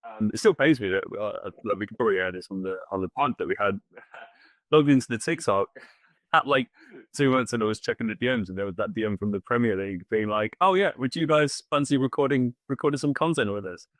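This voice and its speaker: A man talks quickly in easygoing banter on a casual podcast. His voice is low. The sound is close and dry. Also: fairly bright tone, no room sound. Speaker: podcast co-host. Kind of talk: casual chat.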